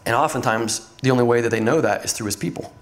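Middle-aged male pastor, conversational earnest sermon delivery, medium pitch. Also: fast talker. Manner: earnest, conversational preaching with fillers.

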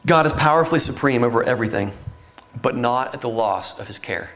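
A man's voice: mid-range voice, fairly quick, fairly bright tone. A middle-aged man preaching a sermon in an earnest, conversational way, with frequent fillers and restarts. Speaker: pastor.

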